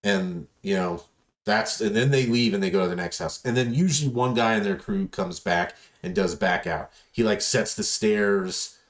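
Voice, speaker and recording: A man's voice: fairly low pitch, moderate pace. A man hosting a podcast, telling rambling, profane stories in casual chat and acting out the people in them. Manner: rambling, profane, animated storytelling with voiced quotes. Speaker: podcast host.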